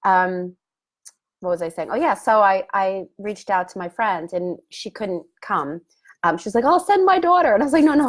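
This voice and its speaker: A middle-aged woman and love coach, telling a personal story in a casual, reflective way, laughing often and acting out the lines she quotes. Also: medium pitch.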